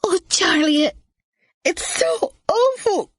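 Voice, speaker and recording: A woman reading an audiobook voices a frantic young woman, sobbing in a high, halting voice. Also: expressive, dry recording, studio quality, full character voice. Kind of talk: audiobook character voice.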